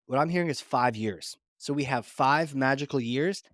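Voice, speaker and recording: Animated storytelling man, dry sound. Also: medium pitch, normal speed, no echo. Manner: animated storyteller acting out quotes. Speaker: podcast guest, founder. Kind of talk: storytelling in casual interview.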